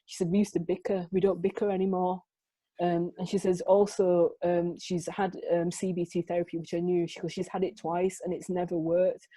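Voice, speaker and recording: A woman's voice: fairly low pitch, normal speed, slightly rough, no room sound, poor audio. Woman telling stories on a video call. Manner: animated, laughs often, frequent restarts. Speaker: photographer, guest. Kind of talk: conversational interview storytelling. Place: home, remote conversation.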